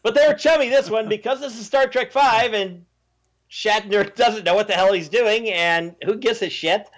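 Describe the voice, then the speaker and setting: A man's voice: high-pitched, moderate pace, a bit bright. A man hosting a casual movie review chat, sarcastic, mocking characters with exaggerated voices. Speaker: podcast host.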